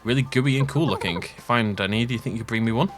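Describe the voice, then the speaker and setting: A man doing a chatty, excitable villager. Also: mid-range voice, quick pace, music in the background, natural voice.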